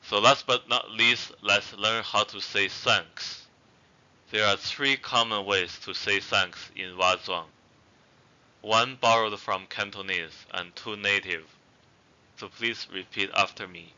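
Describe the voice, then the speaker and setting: A man's voice: fairly low pitch, fairly even intonation, takes it slowly, pushed and bright, lo-fi sound. A man giving an online language lesson, explaining patiently with "uh" fillers and saying each example word twice for learners to repeat. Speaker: language teacher.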